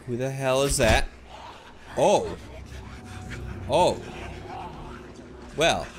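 A man's voice: mid-range voice, sing-song, drawn-out words, a little hiss or hum. A man giving sarcastic, joking commentary while playing a horror game, talking back to the characters and yelping and swearing when startled. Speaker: gaming video host. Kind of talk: let's play commentary.

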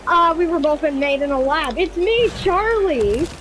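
A young lab-born dino sister begs her dragon sibling not to harm the family, as a woman plays her in a game. The voice is high. She talks in a hurried, pleading way. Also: animated, a bit bright. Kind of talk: in-game role-play.

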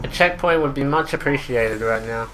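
A woman doing gameplay commentary, swearing constantly and swinging between furious yelling and low muttering. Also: moderate pace. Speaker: gamer playing a shooter. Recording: loud game noise behind the voice. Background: game gunfire and ambience.

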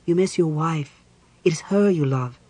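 A man voicing a calm, dignified cleric woman. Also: fairly high pitch, slightly rough, dry recording, pitched above the performer's own voice. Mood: earnest. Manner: measured, formal.

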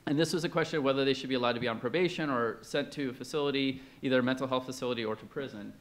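A man's voice: medium pitch, racing. A man presenting at an academic conference in a conversational way, with many fillers and questions put to the audience.

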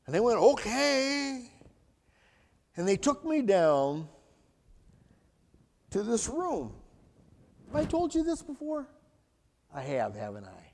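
High, animated man preaching in an echoey church. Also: slow pace, gravelly, pauses often. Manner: folksy, colloquial and animated storytelling. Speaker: guest speaker giving testimony. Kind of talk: storytelling sermon testimony. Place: church sanctuary. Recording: echoey church hall reverb.

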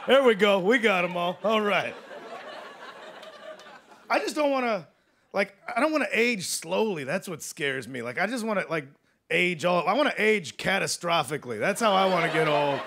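A man in his late thirties doing a rambling, self-deprecating stand-up set on a studio stage, swinging between loud bursts and mumbled asides. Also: high-pitched, animated, moderate pace, some chatter behind, slight background noise. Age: 30s. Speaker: stand-up comedian. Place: television studio stage with live audience.

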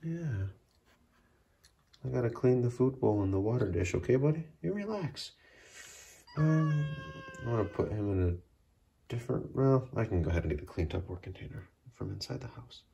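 Very raspy man coaxing his cats. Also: lowish voice, expressive, brisk, dark tone, dull audio. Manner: coaxing baby talk to pets, often dropping to a whisper. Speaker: cat owner filming his pets. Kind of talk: casual vlog talking to cats. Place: home by a sliding door.

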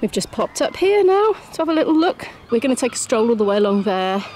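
A woman's voice: fairly high pitch, very animated, quick pace, darkish tone, a little hiss or hum. A woman narrating a casual travel vlog while touring a castle, curious and lightly humorous. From Britain. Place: outdoors and inside a stone castle.

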